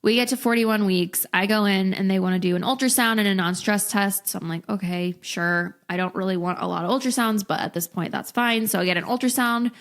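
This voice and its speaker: A young adult woman, a podcast guest, telling a personal story in a candid, expressive way and acting out what people said. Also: mid-range voice, quick pace, few pauses. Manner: candid, expressive, acts out quotes. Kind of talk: casual storytelling.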